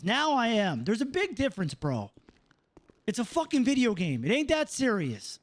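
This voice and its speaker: A young man streaming a roleplay game, venting out of character with heavy swearing, ending lines with "bro" and "dude". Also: very high-pitched.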